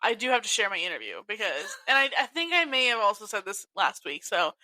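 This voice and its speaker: A young woman hosting a podcast, telling college stories in a giggly, animated way. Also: mid-range voice, a little fast, dry recording, low-quality recording. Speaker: podcast host. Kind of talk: casual chat.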